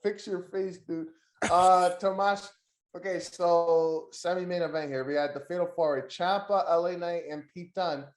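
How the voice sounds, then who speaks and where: An excitable man co-hosting a casual podcast chat, full of slang and quick laughter. His voice sits a bit high, and the room around him rings with echo. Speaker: podcast co-host.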